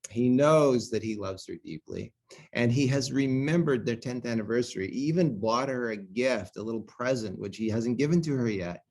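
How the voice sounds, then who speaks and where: Middle-aged guy telling a story, lively, laughs a lot, mid-pitch voice. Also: normal speed. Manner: animated, laughs often. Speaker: co-host and presenter. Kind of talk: storytelling talk.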